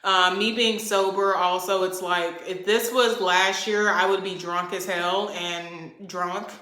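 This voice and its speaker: A woman's voice: on the low side, steady tone, slow, sharp tone. A young woman venting angrily to her camera, heated and profane, hammering her points with emphasis. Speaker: vlogger. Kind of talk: angry venting rant to camera. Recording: echoey room.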